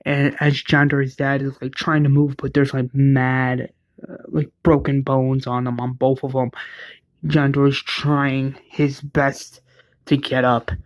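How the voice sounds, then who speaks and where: A young man narrates a fan-made story in a slow, rambling, casual way. He leans on fillers and restarts as he goes. The sound is dry and close. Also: mid-range voice, monotone, no echo.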